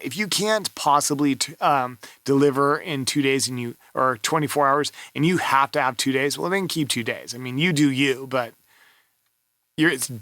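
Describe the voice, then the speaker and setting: Bright-voiced man giving frank feedback. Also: mid-range voice, dry recording. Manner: frank, offhand, coaching. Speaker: voiceover coach reviewing a gig. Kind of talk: casual screen-review commentary.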